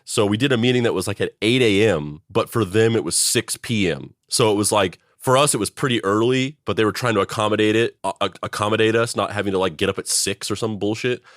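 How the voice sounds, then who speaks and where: A man's voice: lowish voice, fast talker, few pauses, fairly bright tone, dry recording, studio quality. A man co-hosting a podcast, rambling casually with restarts and swearing. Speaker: podcast co-host. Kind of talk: casual comedic chat.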